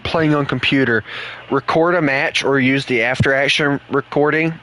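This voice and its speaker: A man's voice: medium pitch, fairly even intonation, moderate pace, bright, forceful tone, a little hiss or hum. A man chatting casually at home while he plays an online game with friends, rambling and joking with his teammates. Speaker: gaming streamer. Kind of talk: casual chat while gaming.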